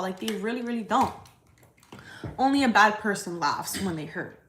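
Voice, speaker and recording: A woman's voice: on the high side, expressive, moderate pace, a bit bright, slight background noise. A woman talking to viewers on a casual livestream, venting in a blunt, emphatic way with plenty of swearing. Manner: blunt, profane, emphatic ranting. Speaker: livestream host, credit repair business owner. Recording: roomy echo.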